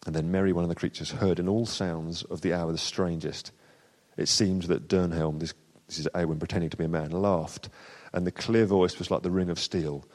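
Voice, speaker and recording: A male preacher giving a sermon in a chatty, unscripted manner. His voice sits very low. The long reverb of a church hall follows every phrase. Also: steady tone, normal speed, a little mellow. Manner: conversational, with frequent fillers and restarts.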